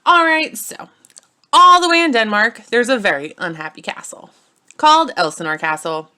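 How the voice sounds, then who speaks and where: A woman's voice: a little high, expressive, moderate pace, sharp tone, smooth. A young woman narrating a playful, silly retelling of a classic story, with casual slangy asides.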